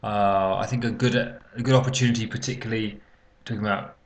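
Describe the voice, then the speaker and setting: An English exam teacher with a gravelly, fairly low voice explains exam feedback in an unscripted spoken lesson, talking a little fast with fairly even intonation. He sounds hesitant, with many fillers and restarts and the occasional cough.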